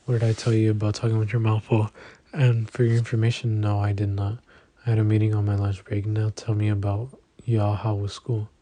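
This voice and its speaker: A man's voice: on the low side, little pitch movement, a little fast, mellow, no echo, lightly acted. A man voicing a firm, caring mother who works as a clinic nurse, with a motherly, scolding manner.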